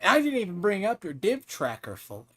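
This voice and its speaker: A man's voice: high-pitched, wildly swooping pitch, a little fast, pushed and bright. A man streaming a game, trash-talking and mocking another player in casual, swearing chat. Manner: taunting, mocking, swears freely.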